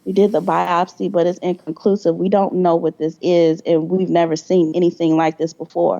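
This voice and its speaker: A woman's voice: fairly low pitch, fairly even intonation, a little fast, hardly any pauses, warm tone, muffled recording. A young adult woman, a podcast guest, telling her story candidly with blunt profanity and acted-out quoted dialogue.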